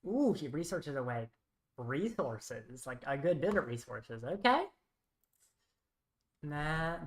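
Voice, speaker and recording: Woman, low voice, unhurried, muttering wry game commentary, roomy echo. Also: big pitch swings. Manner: muttering, thinking aloud, wry. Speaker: streamer. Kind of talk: live-stream card game commentary.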